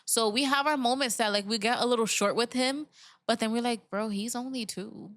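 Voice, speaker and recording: A woman's voice: fairly high pitch, fairly quick, fairly bright tone, no echo, clean studio sound. A young woman, a mother, chatting candidly as a podcast guest, laughing and quoting herself and her family as she talks. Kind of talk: casual chat.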